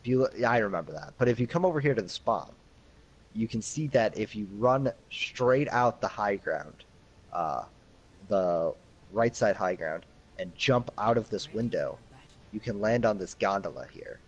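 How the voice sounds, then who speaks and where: Man, esports commentator, low voice, laid-back, dry jokes, casual live casting. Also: expressive, moderate pace, breathy edge, muffled recording.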